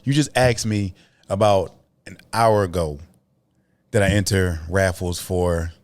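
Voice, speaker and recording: Low-voiced man telling sneaker stories. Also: unhurried. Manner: animated storytelling, profane, repeats himself. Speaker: podcast co-host. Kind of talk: casual chat.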